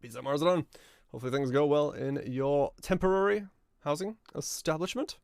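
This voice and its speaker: Hoarse raspy guy rambling on stream, joking around, dry close sound. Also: fairly high pitch, a little fast, no room sound. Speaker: game streamer. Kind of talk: casual gaming stream chat.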